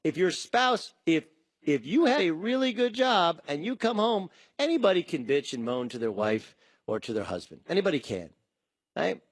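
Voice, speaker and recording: A man hosting a sports talk show, riffing in an animated way and acting out quotes in shifting voices. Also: a little high, moderate pace, dry recording. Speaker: sports talk radio host.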